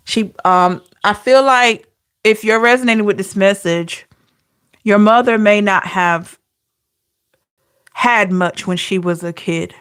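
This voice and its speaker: A woman's voice: mid-range voice, slow, pauses often, a bit bright, smooth. A woman giving an intuitive tarot reading, emotional and talking straight to her viewers. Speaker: tarot reader.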